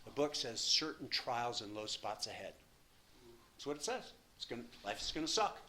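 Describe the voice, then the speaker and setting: An older man giving a personal recovery share in an impassioned, emphatic way. He swings from near-hushed confession to loud bursts and swears freely. His voice sits at an ordinary middle pitch over faint background noise. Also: very animated, moderate pace. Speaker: speaker at a recovery meeting.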